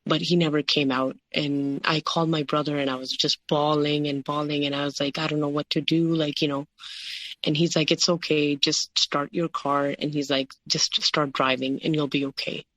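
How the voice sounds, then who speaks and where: A woman's voice: low-pitched, flat delivery, normal speed, a bit bright, no echo, rough recording. A woman, a podcast guest, recounting a personal story in a rambling way, with many fillers and quoted dialogue. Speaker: guest sharing her story.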